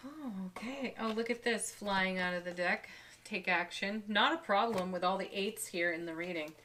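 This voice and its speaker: A woman giving a daily tarot card reading, speaking softly and warmly with gentle enthusiasm and frequent light laughs. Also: mid-range voice, normal speed. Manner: soft, spiritual, gently enthusiastic, laughs often.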